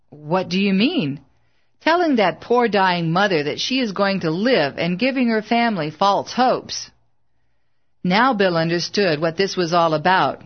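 A woman reading a story aloud as narrator, giving the characters' lines with light voicing. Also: fairly low pitch. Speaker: audiobook narrator. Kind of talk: scripted narration. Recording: dull lo-fi recording.

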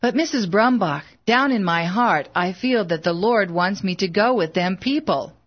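A woman's voice: mid-range voice, lively intonation, moderate pace, dull audio, lightly acted. A woman reading as an earnest young preacher. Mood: pleading. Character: earnest young preacher, humble, mild-mannered man.

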